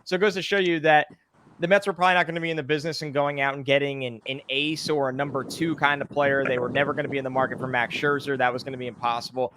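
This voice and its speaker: An upbeat man hosts a casual sports talk show. His voice is bright and sharp, and he talks at a quick, eager clip. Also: medium pitch, little pitch movement, a little hiss or hum. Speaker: podcast host.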